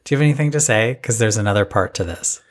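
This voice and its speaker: Low-voiced man hosting a podcast. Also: quick pace. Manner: relaxed, hesitant with fillers. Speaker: podcast host. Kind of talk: casual recap chat.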